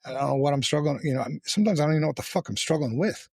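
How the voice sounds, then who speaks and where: Gravelly, husky man hosting a podcast. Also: fairly high pitch, darkish tone, no room sound, clean studio sound. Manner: blunt, frequent swearing, halting restarts. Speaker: podcast host. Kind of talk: candid casual conversation.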